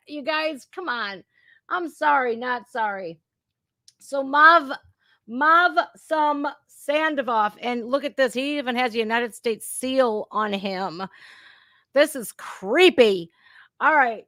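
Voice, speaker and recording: A woman's voice: high-pitched, takes it slowly, a bit bright, dry recording, studio quality. A woman hosting an impromptu live stream, talking straight to her viewers in an indignant, chatty way. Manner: indignant, conversational, addresses viewers directly. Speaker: reaction channel host.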